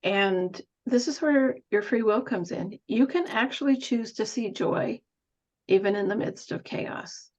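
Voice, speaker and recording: A woman's voice: fairly high pitch, measured pace, dull audio. A woman nurse coach giving a thoughtful, musing talk on coaching, with an occasional light laugh.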